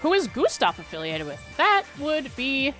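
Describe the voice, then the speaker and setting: A woman's voice: high-pitched, wildly swooping pitch, a bit bright, soft background music. Chatty woman streamer thinking aloud. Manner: thinks aloud, chatty, halting with repeated restarts. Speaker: livestreamer. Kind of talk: casual livestream chat while playing a quiz.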